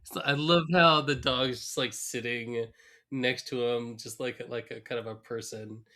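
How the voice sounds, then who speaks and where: A man's voice: mid-range voice, steady tone, pushed and bright. Chatty male podcast co-host. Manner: laughing, chatty, quick to riff. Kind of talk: casual chat.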